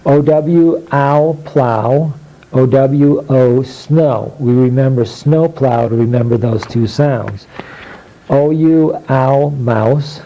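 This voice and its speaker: A man teaching phonics, sounding out letters and keywords one by one in a deliberate instructional drill. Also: medium pitch, mellow. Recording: dull lo-fi recording.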